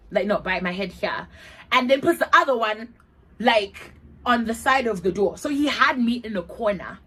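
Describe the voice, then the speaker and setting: A woman's voice: on the high side, pushed and bright, rough recording. A young woman from Zimbabwe telling a story on her vlog, retelling it dramatically with acted-out quotes and plenty of swearing.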